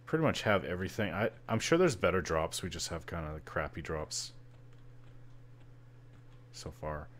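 A man's voice: deep voice, big pitch swings, normal speed, pauses often, fairly bright tone. A Canadian man from British Columbia casually narrating his online game session, rambling and joking at himself as he stumbles over words. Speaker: gamer. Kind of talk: casual gameplay commentary.

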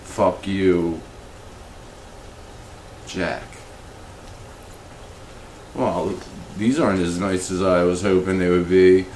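A man hosting a comedic fish show, talking in an awkward, rambling, deadpan way. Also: roomy sound, a little hiss or hum, low-quality recording. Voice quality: slow, awkward, rambling delivery that becomes emotional and high-pitched. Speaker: comedy web show host.

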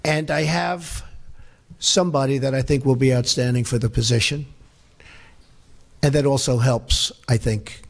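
Standing at a podium in a big formal hall, a president fields reporters' questions off the cuff, speaking bluntly, emphatically and repetitively. His mid-range voice stays fairly even and unhurried, with vocal fry and long pauses.

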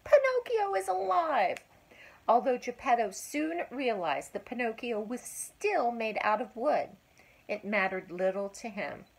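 An older woman, a grandmother, reading a children's story aloud with expressive, drawn-out emphasis and asides to a child. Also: fairly high pitch, vocal fry, poor audio.

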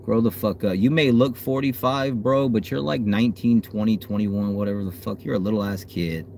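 A man hosting a fan livestream, chatting casually and cursing, swinging from low muttering to loud hype. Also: fairly quick, vocal fry, a little hiss or hum. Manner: hyped, profane, swings from low mutter to yelling. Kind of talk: casual live stream chat. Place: outdoors.

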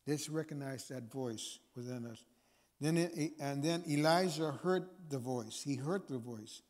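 A man's voice: mid-range voice, measured pace, darkish tone. A man speaking as a guest chaplain, preaching informally to a men's meeting with repeated phrases and fillers. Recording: long reverb of a hall.

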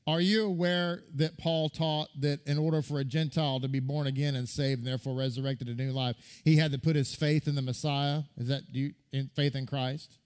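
A rabbi delivering a lively sermon to his congregation, his voice sitting a little high for a man. He keeps pressing the room with rhetorical questions, stopping to ask them to nod along. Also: brisk, few pauses. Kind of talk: sermon teaching.

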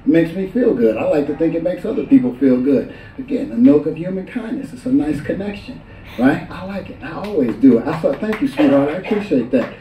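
A man performing a stand-up comedy set on a club stage, telling stories animatedly and jumping into high voices for the people he quotes. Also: expressive, brisk, dark tone, recorded from a distance, slight background noise. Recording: roomy live club recording, crowd laughter.

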